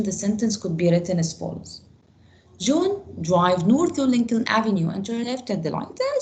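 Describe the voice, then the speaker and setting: A woman's voice: medium pitch, creaky, warm tone, rough recording. Egyptian-accented female teacher, online class over a call mic, patient explainer with frequent restarts. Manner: repeats words, restarts phrases while explaining. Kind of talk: online grammar lesson.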